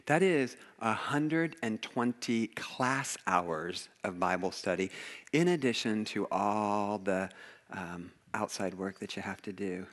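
A male pastor preaching a sermon in a church, telling stories with lots of acted-out quotes and laughter. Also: lowish voice. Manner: storytelling, animated, acts out quotes, laughs often.

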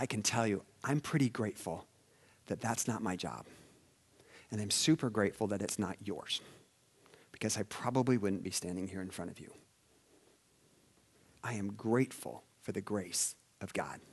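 A man preaching a sermon as a pastor, swinging between loud emphasis and hushed asides. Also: fairly low pitch, husky.

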